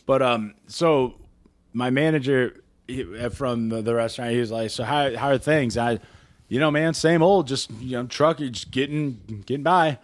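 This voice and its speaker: A man's voice: moderate pace, no echo. Swearing male podcast co-host. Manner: storytelling, swears freely, acts out quotes in squeaky voices. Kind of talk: casual crude podcast chat.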